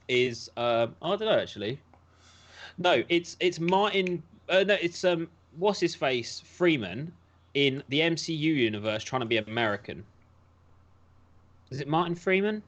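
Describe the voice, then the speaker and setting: A man from the United Kingdom co-hosts a relaxed podcast, chatting and reading news stories aloud. He drops sarcastic jokes into the reading. The audio is slightly dull and lo-fi. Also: fairly high pitch, measured pace, pauses often. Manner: jokey, sarcastic asides while reading. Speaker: podcast co-host.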